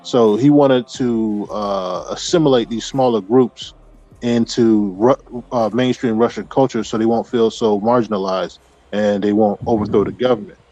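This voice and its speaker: A man's voice: on the low side, steady tone, normal speed, dark tone. A man talking casually as podcast host, rambling with lots of restarts and fillers. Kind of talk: casual chat. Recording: dull lo-fi audio.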